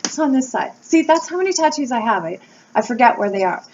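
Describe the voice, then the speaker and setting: A fairly high-voiced woman talks candidly and animatedly, swearing freely as she tells stories to her viewers. The sound is a bit dull and muffled, with a faint hiss of background noise, like a simple home setup. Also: animated, fast, darkish tone. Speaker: wax-melt YouTuber and blogger. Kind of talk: casual chat to camera.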